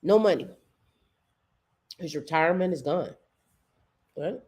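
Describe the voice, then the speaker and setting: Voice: medium pitch, expressive, a little slow, darkish tone. A show host giving loose, chatty livestream commentary with casual slang.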